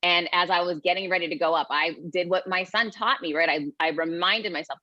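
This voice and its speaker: A woman guest speaker talking in an energetic, emphatic, upbeat way in a podcast interview. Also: on the low side, fairly quick, hardly any pauses, no echo. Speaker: guest, keynote speaker and author. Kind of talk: podcast interview, motivational storytelling. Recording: dull dry sound.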